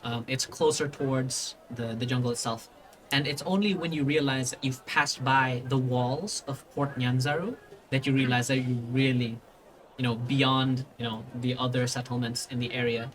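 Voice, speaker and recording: A man's voice: mid-range voice, steady tone, moderate pace, fairly bright tone, slight background noise. A man narrating as game master of a tabletop game, rambling with many fillers and restarts.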